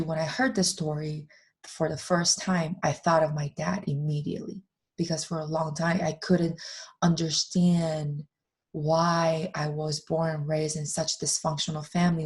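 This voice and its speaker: A woman's voice: deep voice, a little mellow. A woman hosting a spiritual talk show, telling a story in an emphatic storytelling way. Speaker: podcast host, life coach. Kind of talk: storytelling chat.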